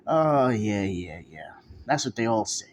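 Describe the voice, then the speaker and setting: A man's voice: on the low side, very animated, unhurried, slight background noise. A man voicing a huge ancient male monster who is cocky and teasing, with a mocking way of talking in a storybook retelling. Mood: taunting. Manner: mocking, calls him kid.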